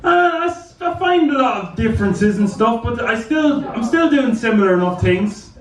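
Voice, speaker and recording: A man's voice: very high voice, expressive, normal speed, reverberant, far from the mic, low-quality recording. A man doing a stand-up comedy set in a club, telling crude, rambling stories. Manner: crude, rambling anecdotal delivery.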